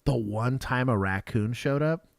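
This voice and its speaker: A man's voice: mid-range voice, measured pace, gravelly, no room sound. A middle-aged man from Texas, a former police officer co-hosting a show, chatting casually and telling rambling stories with laughs. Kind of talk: casual chat reacting to bodycam clips.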